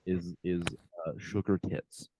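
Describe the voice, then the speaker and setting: Deep-voiced man recapping a movie. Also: level tone, slow, dark tone, dull audio, slight background noise. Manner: rambling recap with many fillers and quoted lines. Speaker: podcast co-host. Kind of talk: casual movie recap chat. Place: home room, remote call.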